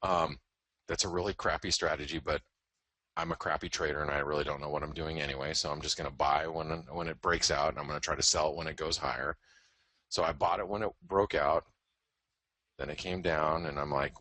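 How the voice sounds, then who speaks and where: A man's voice: extremely low pitch, fairly even intonation, a little fast, pushed and bright, no room sound. A man hosting a live trading show, giving candid, joking market commentary full of "you know" asides. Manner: candid, joking, self-deprecating, many "you know" fillers. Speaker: host and trading educator.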